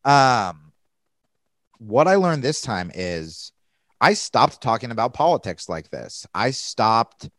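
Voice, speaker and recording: A man's voice: medium pitch, no room sound. A young man in candid casual conversation as a podcast guest, rambling and swearing, often restarting his sentences.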